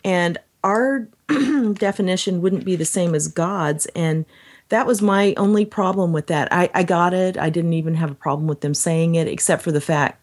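A woman chatting casually as a podcast co-host, her voice going hoarse, animated when quoting people. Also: normal speed. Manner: animated, acts out quotes in a higher voice. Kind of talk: casual conversation.

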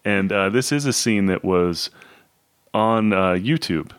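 A man with a low voice talks over books in a relaxed chat. He is thoughtful and hesitant, restarting his sentences, and the recording is close and dry. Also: takes it slowly, clean tone, dry recording. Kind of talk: casual book discussion.

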